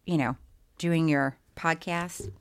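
A middle-aged woman co-hosting a podcast in casual chat, playful and quick to laugh. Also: low voice, fairly even intonation, smooth, no echo. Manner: playful, laughs often, sings snatches of songs. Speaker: podcast co-host.

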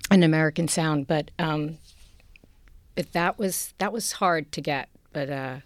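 A woman's voice: deep voice, a little slow, no room sound. A middle-aged woman from Queens with a New York accent, chatting as a guest in a studio interview, laughing often and restarting her sentences. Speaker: guest actress. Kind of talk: casual interview chat. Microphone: studio mic.

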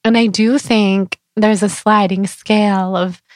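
A woman's voice: medium pitch, fairly even intonation, a little slow, a little mellow, dry recording. A woman speaking as a podcast guest in casual chat, reflective and openly spiritual.

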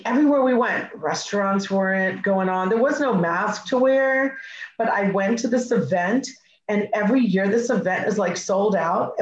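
A middle-aged woman speaking as a guest, telling a personal story in an animated way and acting out her own side of past conversations. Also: medium pitch, a little hiss or hum. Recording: echoey, slightly muffled recording.

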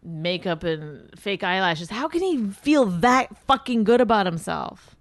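A woman's voice: medium pitch, sing-song, measured pace, no room sound. A woman co-hosting a podcast, chatting crudely and sarcastically. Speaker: podcast co-host. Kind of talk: casual comedic chat.

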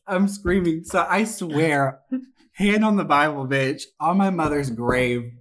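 A young adult podcast co-host telling a story in a casual, profane, animated way, swearing oaths for emphasis. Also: medium pitch, takes it slowly.

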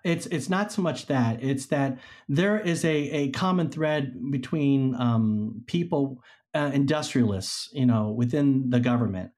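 A man's voice: medium pitch, unhurried. A man as a podcast guest, telling a historical story casually and acting out the people he quotes. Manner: animated storyteller, acts out quoted figures.

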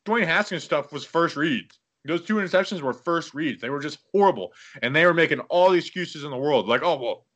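A man hosting a casual football talk show, breaking down stats and then ranting with lots of fillers. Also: on the high side. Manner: animated, ranting with many fillers. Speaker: football podcast host. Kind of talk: casual sports commentary.

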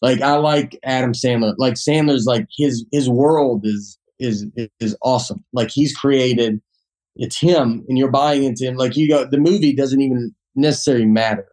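A man's voice: mid-range voice, normal speed, a little mellow. A man in his forties with a Southern accent, a comedian talking casually on a podcast, rambling with many restarts. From Tennessee. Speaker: comedian guest.

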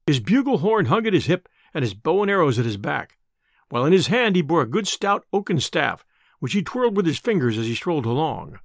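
A man reading an old adventure tale aloud in an expressive, measured narration. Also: a little high, dry recording, studio quality. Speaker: storyteller. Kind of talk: scripted storybook narration.

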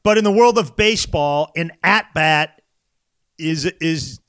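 Brief: male podcast co-host, high voice, stammery easygoing delivery, dry close-mic sound. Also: a bit bright, dry recording. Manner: easygoing, stammers and restarts, quick to tease. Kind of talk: casual chat about crossword clues.

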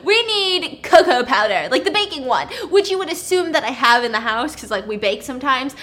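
A woman's voice: sits high, sing-song, fairly quick, fairly bright tone. A woman vlogger chatting animatedly in a rambling storytime while baking at home.

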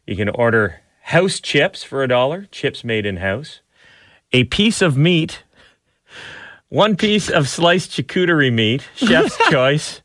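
A man in his thirties hosting a casual talk show. His pitch swings widely as he tells animated stories and laughs through them. The sound is close and dry. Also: a little slow, dry recording. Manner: animated storyteller, laughs often, acts out his child's lines. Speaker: radio show host. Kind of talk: casual morning show banter.

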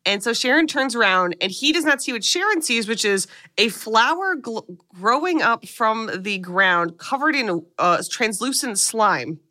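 A woman's voice: on the high side, expressive, measured pace, hardly any pauses, pushed and bright. A woman co-hosting a podcast, recapping a movie in casual chat and swearing freely as she tells the story.

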